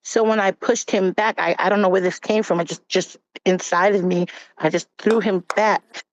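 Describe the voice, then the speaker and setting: A woman's voice: medium pitch, steady tone, moderate pace, slight background noise. A woman giving a candid, blunt personal testimony as a panel guest. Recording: dull, dry recording.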